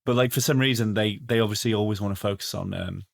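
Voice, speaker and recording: A man's voice: lowish voice, quick pace, gravelly. A man co-hosting a podcast, chatting casually about a film with many restarts and fillers. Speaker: podcast co-host. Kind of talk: casual film review chat.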